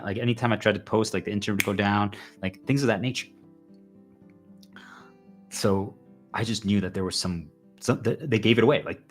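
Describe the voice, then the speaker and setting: A man's voice: on the low side, a bit bright. A man livestreaming a rambling, intense personal monologue, full of repeated fillers. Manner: intense, repetitive, heavy use of "like".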